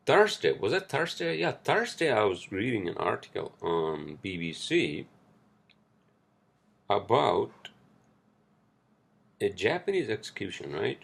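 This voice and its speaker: Speaking unhurriedly with frequent pauses, this solo podcast host has a low-leaning, husky voice with vocal fry and very animated delivery. He rants profanely about the news, rambling and restarting, then reads an article out loud.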